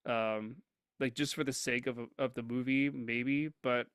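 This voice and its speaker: Co-hosting a movie review podcast, a man offers his earnest opinion casually but hesitantly, with lots of ums and likes. His medium-pitched voice is steady, a little slow and a bit bright, captured in clean, echo-free studio quality.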